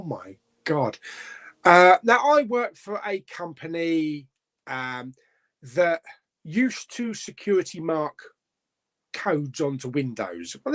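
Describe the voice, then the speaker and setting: A middle-aged man talks casually on a live stream. He sits a little high for a man's voice and his pitch swings a lot. He rambles with fillers and chuckles between comments. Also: a bit bright. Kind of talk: casual live chat reading viewer comments.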